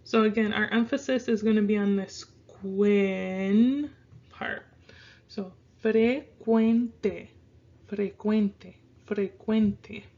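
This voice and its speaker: A woman teaches a casual online language lesson at an unhurried pace, repeating each word several times so learners can practice. Her voice has a gravelly, creaky edge. The recording sounds dull and lo-fi. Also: medium pitch. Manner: slow, repeats words for pronunciation practice. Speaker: Spanish teacher.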